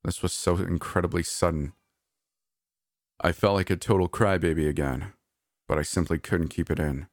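A man narrating a first-person story in a steady, earnest reading. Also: low voice, normal speed, pauses often, dry recording, clean studio sound.

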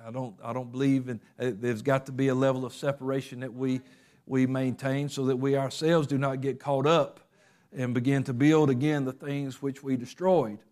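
A man preaching a sermon in a conversational way, acting out little quotes and often pausing with fillers. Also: mid-range voice, level tone, darkish tone. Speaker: pastor.

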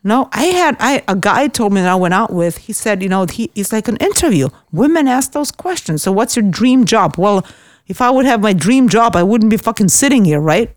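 A woman's voice: medium pitch, fairly quick, dry recording. Woman, from Austria, casual storyteller, blunt and profane, dry studio sound. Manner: blunt, swears freely, animated storytelling. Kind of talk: casual chat.

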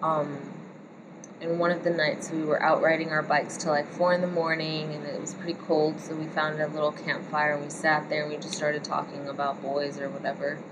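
A woman in her thirties, a tattoo artist, telling a story in a relaxed, chatty way. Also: sits low, fairly quick, noisy background. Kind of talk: casual storytelling chat.

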